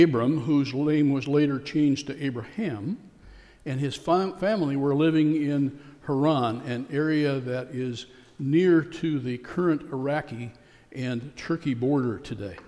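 A man's voice: mid-range voice, a little slow, dark tone. A man preaching a sermon as pastor. He speaks in a folksy, conversational way with a few fillers. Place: church. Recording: long church reverb.

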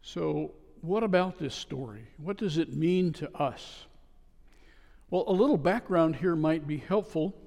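Casting note: male pastor with a slightly higher voice, earnest storytelling sermon, long church echo. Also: animated, measured pace, vocal fry, a little mellow. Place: church sanctuary. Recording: long reverb of a church hall.

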